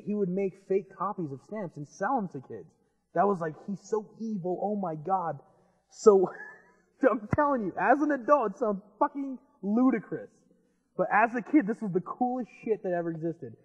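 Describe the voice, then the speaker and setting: Here a young man with a high-pitched voice tells a rambling, swear-filled story in casual podcast chat. The sound is muffled and rings with a long reverb, with faint music underneath. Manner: rambling, profane, laughing storyteller. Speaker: podcast host. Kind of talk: casual chat, retelling a movie.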